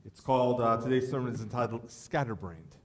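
Storytelling pastor in an echoey church. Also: male voice, mid-range voice, fairly quick. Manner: conversational storytelling preacher. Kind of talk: sermon.

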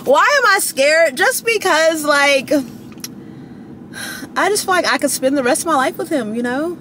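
A woman's voice: lively intonation, moderate pace, bright, forceful tone, slight background noise. Giggly young woman rambling in a car. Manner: rambling, giggly, dramatic with sudden high squeals. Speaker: vlogger. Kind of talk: casual chat to camera. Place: parked car.

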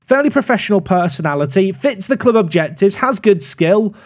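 A young man casually commenting on a management game as he plays, thinking aloud with wry asides. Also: brisk. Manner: musing aloud, wry asides, animated pitch swings. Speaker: gaming YouTuber.

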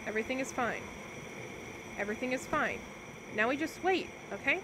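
A woman's voice: high voice, lively intonation, normal speed, background noise. A young woman casually commentating on a cooking game she is streaming, talking playfully to her viewers as she plays.

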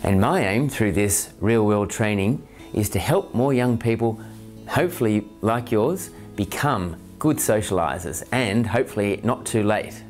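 A man's voice: on the low side, measured pace, soft background music. A man with an Australian accent, a parent presenting a scripted talk in an earnest, methodical way, counting off his points by number. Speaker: parent and autism training promoter.

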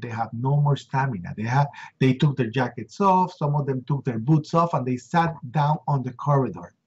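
Husky man telling a vivid story. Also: darkish tone. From Puerto Rico. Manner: acts out quoted voices with rising pitch. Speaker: interview guest. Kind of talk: emotional eyewitness storytelling. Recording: dull lo-fi recording.

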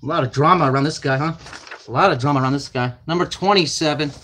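A man's voice: fairly high pitch, fast, fairly bright tone, slight background noise. Chatty man calling out trading cards. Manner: chatty, calls out card names and numbers. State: flustered and distracted. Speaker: card break host. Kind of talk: casual card-opening commentary.

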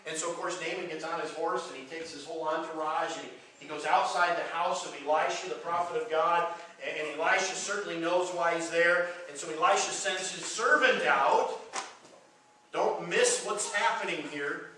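A man preaches in a sermon, bringing a scripture story to life by acting out what its figures say. His voice sits high and bright. It rings through a very echoey hall, picked up from some way off the mic. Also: normal speed, recorded from a distance, a little hiss or hum. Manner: retells scripture with dramatized quotes.

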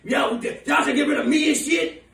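A man playing a furious, foul-mouthed woman who runs a big city, ranting in shouts and laughter. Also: very high-pitched, moderate pace, vocal fry, exaggerated voice. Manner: shouting, profane, laughing rants. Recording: echoey room, voice from far off.

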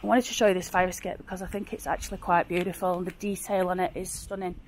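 A woman's voice: fairly low pitch, little pitch movement, quick pace, a little hiss or hum. Chatty Oldham woman on a walking vlog. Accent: Oldham, with creeping Yorkshire. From Oldham, northwest England. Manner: chatty, exclamatory, rambling. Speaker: vlogger. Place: outdoors on streets. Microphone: handheld phone camera.

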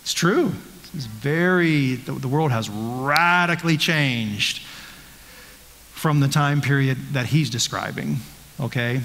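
A man's voice: medium pitch, takes it slowly, a bit bright, slight background noise. Earnest man teaching in a reverberant church. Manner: earnest, rhetorical questions, frequent restarts. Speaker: pastor. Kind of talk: conversational Bible study teaching.

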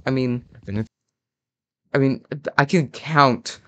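A young man with a smooth, resonant, mid-pitched voice delivers a mock-critical reaction commentary. He sounds sarcastically outraged and often trips over his words, restarting sentences as he fakes indignation. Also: steady tone, slow pace, sharp tone. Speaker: parody commentator.

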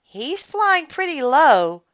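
A woman's voice: high-pitched, big pitch swings, slow, a bit bright, muffled recording, voice pushed up, exaggerated voice. A woman doing a prim schoolgirl. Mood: worried.

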